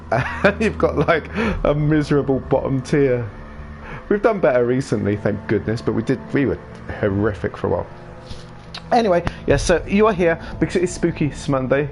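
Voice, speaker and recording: A man's voice: mid-range voice, animated, moderate pace, slight background noise. A man hosting a live gaming stream, chatting in a rambling, casual way and laughing often. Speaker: livestream gaming host. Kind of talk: casual chat while streaming a game.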